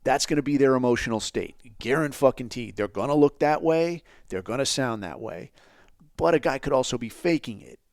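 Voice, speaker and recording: A man delivers a profane, sarcastic podcast rant in an ordinary mid-pitched voice. His talk is blunt and loose, full of asides. The sound is dry and close, with no room echo. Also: animated, moderate pace. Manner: blunt, sarcastic, heavy swearing. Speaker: podcast host. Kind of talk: profane ranting commentary.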